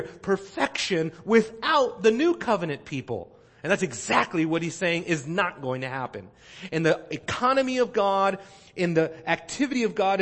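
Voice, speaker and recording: Earnest male pastor in a reverberant hall. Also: high-pitched. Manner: earnest teaching tone with fillers and restarts. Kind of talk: sermon. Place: church sanctuary.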